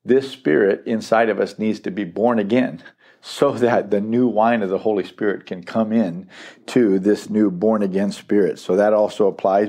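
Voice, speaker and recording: Middle-aged guy teaching scripture verse by verse, gravelly low voice, keeps repeating the big points. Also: dark tone. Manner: emphatic, repeats key phrases for stress. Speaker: Bible teacher.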